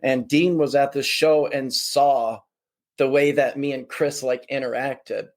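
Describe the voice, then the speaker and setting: A man telling casual stories as a podcast guest, lively and full of voices for the people in them. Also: medium pitch, unhurried. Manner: animated, does voices of people in his stories. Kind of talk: casual storytelling.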